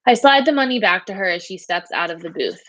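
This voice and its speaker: A woman's voice: mid-range voice, lively intonation, brisk, a bit bright. A woman teacher reading a novel aloud to her class, narrating steadily in the first person.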